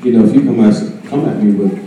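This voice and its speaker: Man in a Bible study, halting speech with many fillers, heard from afar in a roomy church. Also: on the low side, recorded from a distance, lo-fi sound, background noise. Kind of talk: testimony in Bible study discussion. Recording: echoey church hall mic from afar.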